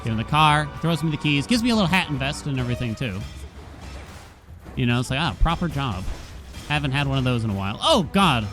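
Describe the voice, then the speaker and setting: Lively man telling a story while gaming. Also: medium pitch, a little fast, faint music behind. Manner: animated storyteller, chuckles and exclaims at game moments. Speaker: gaming streamer. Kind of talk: casual gameplay commentary with storytelling.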